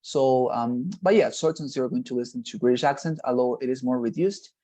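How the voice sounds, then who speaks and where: An exam-prep instructor teaches online via video call, explaining things at length and regularly checking that students are following. His voice is medium-pitched and dark, his pace fairly quick, and he habitually repeats "nonetheless" and "right?".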